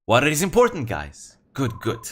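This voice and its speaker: A man streaming a game, making relaxed asides to his chat. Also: medium pitch, normal speed, a little hiss or hum. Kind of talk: casual gaming stream chat.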